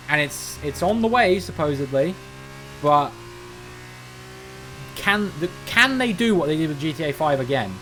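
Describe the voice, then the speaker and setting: A man's voice: fairly high pitch, a bit bright. A man from Cornwall with a general Southern English accent, chatting casually on a game livestream and musing aloud with frequent restarts. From Cornwall, England. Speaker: game streamer.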